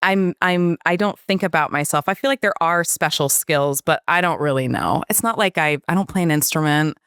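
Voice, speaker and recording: A woman's voice: low voice, moderate pace, a bit bright, smooth, dry recording, studio quality. A woman guest in a casual interview, chatting in a self-deprecating, easygoing way. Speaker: interview guest, Broadway performer.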